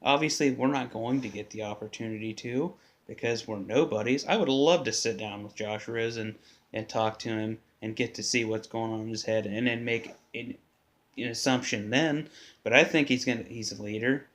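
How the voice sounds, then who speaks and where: A man's voice: medium pitch, normal speed. Rambling, blunt man hosting a home podcast. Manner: rambling, blunt, swears, talks to himself while fixing his setup. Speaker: podcast host. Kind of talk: casual solo sports podcast. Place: home basement.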